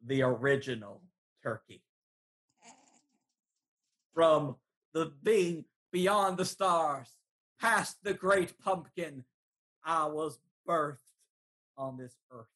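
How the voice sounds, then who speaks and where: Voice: medium pitch, bright, forceful tone, slightly rough, full character voice. A game master voicing a menacing old male farmer with a Southern drawl who rules a flock of turkeys, giving grandiose, scornful speeches. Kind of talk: tabletop game role-play.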